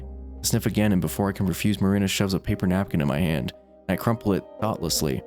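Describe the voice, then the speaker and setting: A man's voice: low-pitched, fast, a little mellow, faint music behind. A man reading a visual novel's first-person narration aloud as a let's play host, with small stumbles.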